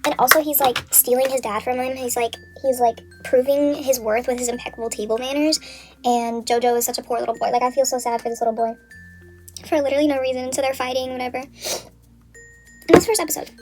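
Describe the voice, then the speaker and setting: A woman's voice: high-pitched, steady tone, fast talker, darkish tone, faint music behind. A young woman vlogger casually retelling a story from memory while getting ready, rambling, swearing a lot and saying "like" constantly.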